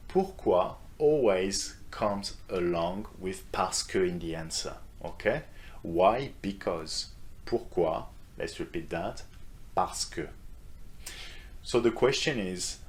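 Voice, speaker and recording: Low-voiced language teacher. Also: male voice. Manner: clear, measured, encouraging teacher asking learners to repeat. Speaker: French teacher. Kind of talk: online language lesson.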